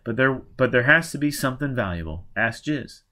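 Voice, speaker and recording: A man's voice: medium pitch, animated, brisk, pushed and bright. A sullen, stubborn young spacer who mumbles through pain, as a man reading a novel puts him on. The voice stays near the reader's own.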